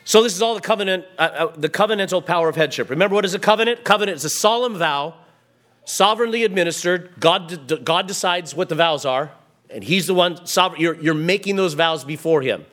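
A man's voice: high-pitched, fast. Man preaching with rising emphasis. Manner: emphatic preaching, swings between quiet and raised passages. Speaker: pastor. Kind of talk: sermon. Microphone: microphone at a pulpit.

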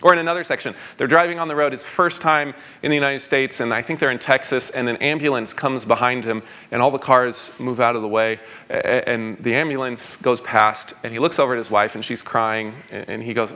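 Man, pastor, conference Q&A, eager, rambling, stammering restarts, mid-pitched voice. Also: fairly even intonation, fairly quick, pushed and bright. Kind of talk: conference Q&A answer.

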